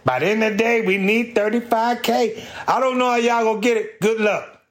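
A man's voice: high-pitched, steady tone, brisk, pitched above the performer's own voice, lightly acted. A man doing a huge, mean district boss barking orders. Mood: demanding. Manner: yelling, bossy and threatening.

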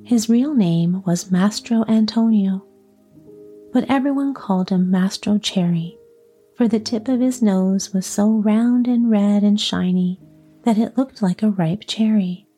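Female storyteller for children's tales: soft, mellow, unhurried, drops to whispers. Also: medium pitch, husky, soft background music. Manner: soft, slow, partly whispered. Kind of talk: storybook narration.

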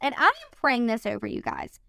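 A woman's voice: a little high, wildly swooping pitch, moderate pace, creaky, pushed and bright, no room sound, studio quality. A woman giving an earnest, upbeat devotional talk, speaking chattily and addressing listeners as guys.

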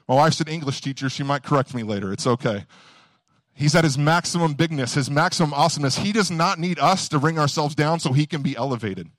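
His voice is a little high, recorded at studio quality with no room sound. This young preacher keeps the sermon casual and story-driven, pressing key points with quick bursts of emphasis.

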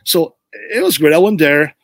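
A man's voice: a little high, expressive, moderate pace, no echo. Man, middle-aged, casual podcast storytelling, rambling, dry sound. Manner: rambling, restarts often, tells stories with quoted dialogue. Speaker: podcast guest, former pro hockey player.

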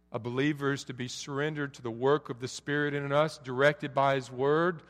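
A middle-aged male pastor preaching a sermon, swinging from soft pleading lows to loud forceful peaks. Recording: long reverb of a large hall.

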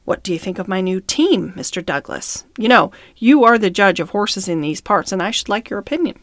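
A woman's voice: mid-range voice, lively intonation, a little fast, dry recording, clean studio sound, close to an everyday voice. A woman reading the lines of a proud military captain who gets flustered and defensive.

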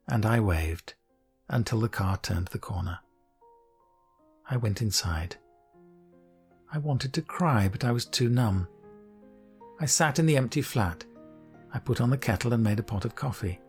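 A man narrating his own memoir in a quiet, reflective, wistful way, recorded on a studio mic. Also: mid-range voice, normal speed, pauses often, breathy edge, soft background music. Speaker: author and narrator.

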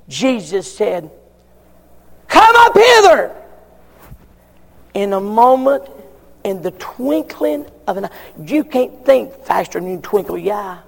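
Slow gravelly preacher in a hall. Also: male voice, high voice, a little mellow. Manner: emphatic, repeats questions with long pauses. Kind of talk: sermon. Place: church.

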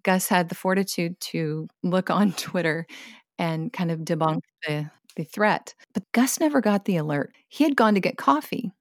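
A woman's voice: on the low side, moderate pace, no echo, studio quality. Woman telling a vivid personal story. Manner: vivid, expressive retelling with bursts of laughter. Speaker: guest sharing her experience.

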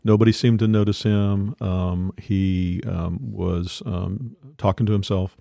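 A man hosting a casual conversation, telling a story with many pauses and fillers. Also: low voice, fairly even intonation, creaky, mellow, no room sound.

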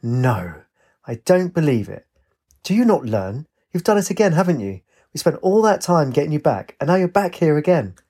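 Male narrator as a wary, worn-out warrior, husky and guarded. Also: mid-range voice, big pitch swings, moderate pace, hardly any pauses, dark tone. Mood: reproachful.

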